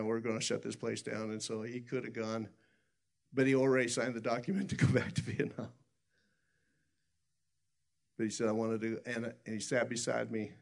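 A man with a gravelly, rough-edged voice preaches a sermon. His pitch sits in a middle range, and he tells his stories earnestly, often stopping and restarting his sentences. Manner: rambling storytelling with many restarts.

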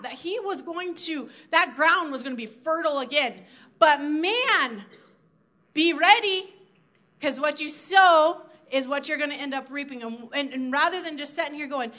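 A woman's voice: high-pitched, moderate pace, bright, forceful tone. A woman from South Dakota giving an earnest, conversational sermon to her church, acting out her own inner thoughts as she goes. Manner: earnest, conversational preaching with acted-out inner quotes. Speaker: church speaker.

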